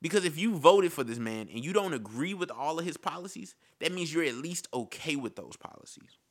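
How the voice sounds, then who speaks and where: A man's voice: a little high, animated, fairly quick. A man giving an impassioned casual monologue, repeating his points and calling the listener "bro". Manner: impassioned, repetitive, says "bro".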